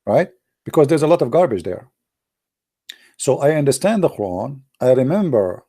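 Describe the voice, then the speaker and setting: Creaky-voiced and from the Arab world, this man speaks Arabic natively and tells stories in broken, accented English. His animated monologue leaps up high with excitement whenever he hits a punchline.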